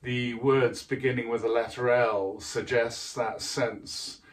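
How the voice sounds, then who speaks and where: A man teaching how to write poetry, explaining things in a measured way and stressing words with care. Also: medium pitch, little pitch movement, far from the mic. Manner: measured, deliberate delivery with careful emphasis. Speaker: writing teacher.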